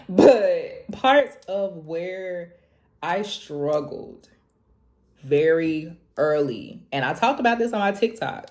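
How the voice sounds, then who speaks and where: In a casual confessional talk to camera, this young female vlogger speaks in a warm, low voice. Her manner is lively and preachy, full of laughter, and her voice leaps high each time she quotes herself.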